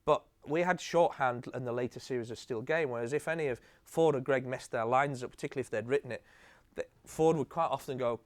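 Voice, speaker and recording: A man, a TV comedy director, telling lively anecdotes in an on-stage conversation and acting out the quotes. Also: medium pitch, fast. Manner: lively storyteller, acts out quotes, swears casually. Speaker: TV comedy director giving a masterclass.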